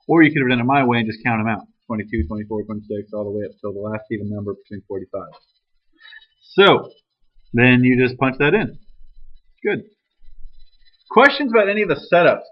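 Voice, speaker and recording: A male teacher walks a class through math problems in a casual, joking way. His voice sits at an ordinary middle pitch, and it was captured in a classroom on a dull, lo-fi recording. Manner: casual, teasing banter with students.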